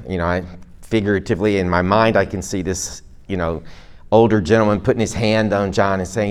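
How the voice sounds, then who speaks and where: A man's voice: lowish voice, fairly quick, darkish tone, smooth. A middle-aged man preaching a sermon to a congregation in a conversational way, with self-deprecating jokes and asides. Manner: speaks to a live congregation.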